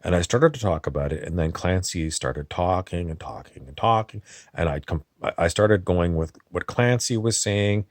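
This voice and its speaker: A man's voice: low voice, lively intonation, moderate pace, no echo, studio quality. A man hosting a comedy channel in character, rambling through a meandering comic monologue that halts and drifts off topic.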